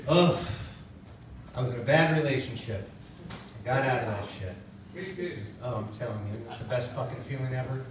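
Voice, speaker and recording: On a comedy club stage, a man with a medium-pitched voice does a stand-up set, telling profane stories loosely and ramblingly at normal speed with long pauses. The echoey club is recorded from far off, with crowd noise and audience laughter in the background.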